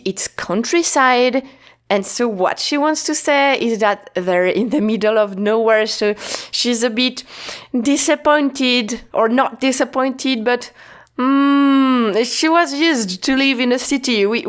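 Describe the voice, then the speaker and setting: A woman teaching a lesson in a casual, patient way, repeating points slowly with restarts and fillers. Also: fairly high pitch. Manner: slow, repetitive, patient explaining with many restarts and fillers. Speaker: Japanese teacher.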